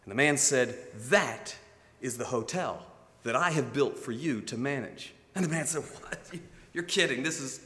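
A man's voice: medium pitch, normal speed, fairly bright tone. A man preaching a sermon, telling stories and acting out the voices of the people in them. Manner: storytelling preacher, acts out quoted voices. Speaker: pastor. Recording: long hall reverb.

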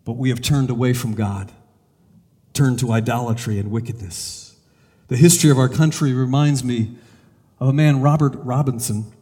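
Man preaching, slow earnest storytelling, soft dark tone, echo rings on and on. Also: mid-range voice. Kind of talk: sermon with storytelling and prayer.

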